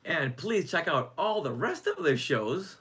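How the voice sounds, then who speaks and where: A man's voice: fairly high pitch, sing-song, measured pace, fairly bright tone, breathy edge. A man co-hosting a podcast, chatting casually and sometimes tripping over and repeating his words. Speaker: podcast co-host.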